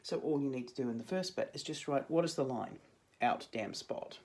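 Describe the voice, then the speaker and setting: Chatty New drama teacher, a young woman with a mellow tone, talking students through their work. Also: extremely low pitch, animated, fairly quick, gravelly. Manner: chatty, jokey asides. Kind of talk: casual video lesson to students.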